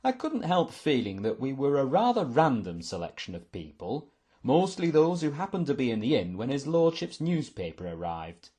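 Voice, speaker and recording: An expressive male audiobook narrator tells the story with a husky, slightly rough voice. His pitch moves across a very wide range as he shifts between narration and dialogue. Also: normal speed. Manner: expressive, voicing many characters.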